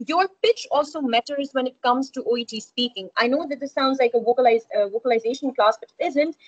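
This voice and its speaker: A woman's voice: high voice, brisk, slightly rough, dull audio. A woman tutoring an online speaking-exam class, explaining at length and often checking understanding with "right?". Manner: explanatory, repeats key points, frequent "right?" checks. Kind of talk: live online lesson.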